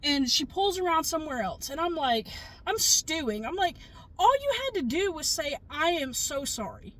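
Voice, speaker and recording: A woman's voice: high-pitched, sing-song, normal speed, a bit bright, rough recording. A woman casually telling a story about her day, chatty and exasperated, swearing now and then.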